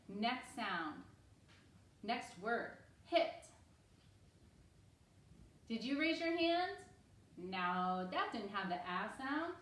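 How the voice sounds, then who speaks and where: A woman teaching a reading lesson to young children at home, upbeat and encouraging, speaking slowly and clearly. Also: a little high, echoey room, recorded from a distance, rough recording.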